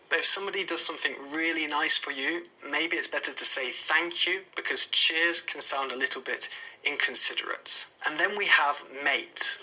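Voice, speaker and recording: A British man gives a casual English lesson in a very bright, slightly raised voice. He explains each phrase clearly and patiently, then acts out short everyday exchanges. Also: a little high. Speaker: English teacher.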